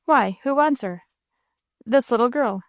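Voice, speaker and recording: Curt, gruff inn hand, voiced by a woman narrator; short questions, dry sound. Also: on the high side, unhurried, no echo, natural voice. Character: gruff man sweeping an inn porch.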